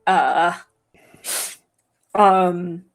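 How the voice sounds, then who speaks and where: A woman's voice: on the low side, extremely slow, vocal fry. A woman playing a tabletop role-playing game, giggly and hesitant with fillers. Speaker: player. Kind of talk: casual tabletop play. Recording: faint music behind.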